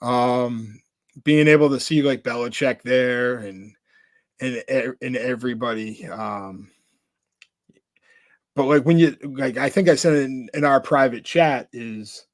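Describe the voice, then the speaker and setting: A man with a medium-pitched voice speaks slowly, recorded with no echo. As a podcast co-host, he tells rambling stories in a casual chat, leaning heavily on "like" and restarting often.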